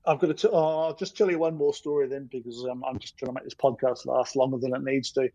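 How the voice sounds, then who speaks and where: A man's voice: medium pitch, steady tone, fast, dark tone, no echo, highs cut off. A man, a storyboard artist telling stories on a podcast in a rambling, self-deprecating way. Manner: rambling, self-deprecating, many ums and you-knows.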